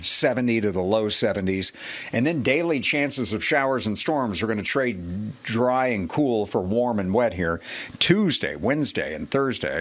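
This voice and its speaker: A man's voice: mid-range voice, fairly bright tone. A man co-hosting a local show in a chatty, folksy way, reading event listings, ads and the weather forecast. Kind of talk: casual local broadcast.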